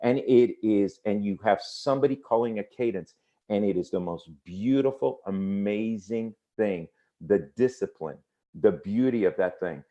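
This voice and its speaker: Energetic man giving a sales pep talk. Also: lowish voice, moderate pace, highs cut off. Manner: energetic, repetitive, addresses audience directly. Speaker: business training presenter. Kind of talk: motivational sales training talk.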